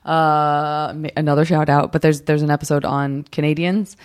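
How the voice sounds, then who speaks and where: A woman with an American accent hosting a podcast, jokey and self-deprecating, talking in quick bursts. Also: deep voice, level tone, smooth. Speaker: podcast host. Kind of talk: casual chat.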